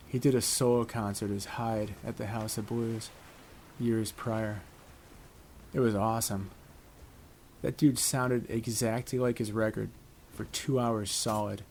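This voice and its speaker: A man's voice: medium pitch, darkish tone. A middle-aged man from Connecticut giving chatty, rambling, laid-back commentary while playing a video game. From Connecticut, USA. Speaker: gaming YouTuber. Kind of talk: casual gameplay commentary. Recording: clear background noise.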